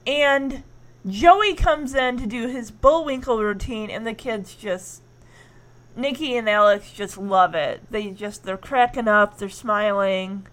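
A high-voiced woman chats casually through an episode recap. She giggles often and acts out the characters' lines as she goes. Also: slow, a bit bright.

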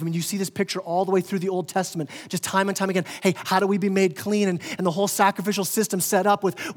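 A male pastor preaches in a high, lifting voice, surging loud and then sinking quiet, repeating words as he builds. His voice carries a long reverb in a church hall. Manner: impassioned, rising and falling in volume, stammering restarts. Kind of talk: sermon. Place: church sanctuary.

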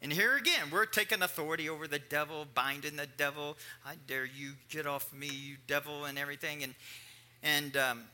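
A middle-aged man preaching from the pulpit, his voice very bright and forceful and pitched a touch high. He tells a personal story in an animated way, acting out the voices of the people in it. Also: a little fast. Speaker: pastor.

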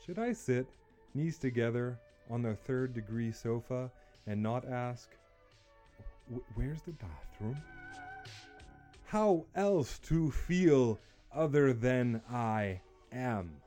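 A man giving a dramatic poetry reading, theatrical, swinging between muttering and shouting. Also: medium pitch, expressive, slow pace, faint music behind.

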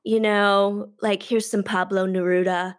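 Slow-talking woman chatting casually. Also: mid-range voice, flat delivery. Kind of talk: casual chat.

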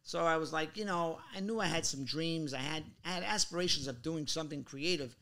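A middle-aged man from Queens, telling animated stories in a casual interview and acting out other people's voices. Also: a little high, brisk. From Queens, New York. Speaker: guest actor.

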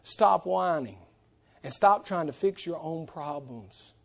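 A male pastor preaching a sermon in church, swinging between loud emphasis and hushed, low passages. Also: animated, takes it slowly, creaky.

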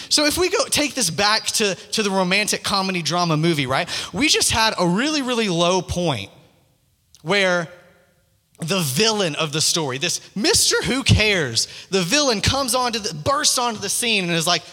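A man preaching an energetic sermon, telling the story in a lively, casual way full of slang. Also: sits high, moderate pace. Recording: long hall reverb.

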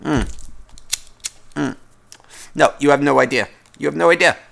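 A man on a podcast mic, ranting with sarcastic exasperation and constant swearing. His voice sits fairly high for a man. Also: moderate pace, gravelly, fairly bright tone. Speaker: podcast host. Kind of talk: comedic rant.

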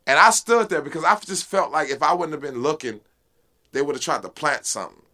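A man being interviewed as a rap guest, talking casually and with passion, full of street slang and repeated "you know what I'm saying", while high. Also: expressive, fairly quick, sharp tone. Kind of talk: casual unfiltered interview talk.

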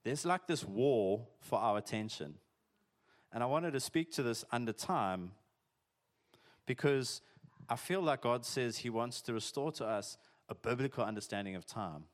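A man's voice: medium pitch, animated, normal speed. A man preaching a sermon in a conversational, jokey way, peppered with "like" and "eh". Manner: conversational, chatty, uses "eh" and "like", jokey asides. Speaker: pastor.

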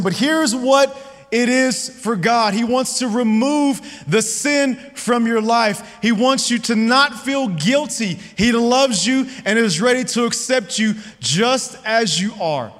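A man in his thirties delivers a sermon in a conversational, storytelling way, checking in with his listeners again and again. His voice sits high for a man. The sound carries a long reverb, as in a large hall. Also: fairly bright tone. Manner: conversational, often asks the audience "right?". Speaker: pastor. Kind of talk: sermon with personal stories.

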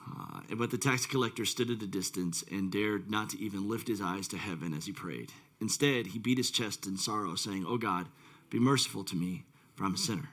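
A man's voice: medium pitch, bright, forceful tone. A male pastor preaching a casual, rambling sermon with many fillers and self-deprecating asides.

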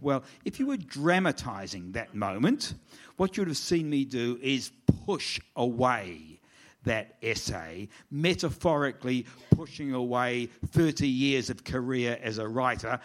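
A man's voice: mid-range voice, expressive, measured pace. A middle-aged man, an author speaking to an audience in a lecture room, telling wry, self-deprecating stories with quoted dialogue. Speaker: author giving a talk. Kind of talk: storytelling presentation.

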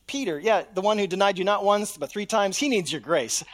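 A man preaching a sermon, dropping to a hush and then rising loud as he acts out voices. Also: sits high, expressive, fast talker, hardly any pauses. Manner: dramatic, swings from hushed to loud, acts out voices in quotes. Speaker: pastor.

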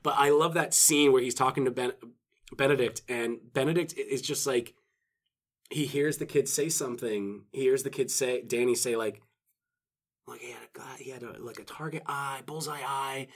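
A man's voice: mid-range voice, normal speed. A man chatting casually as podcast co-host, rambling, swearing and acting out movie quotes. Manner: rambling, profane, acts out quotes. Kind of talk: casual chat.

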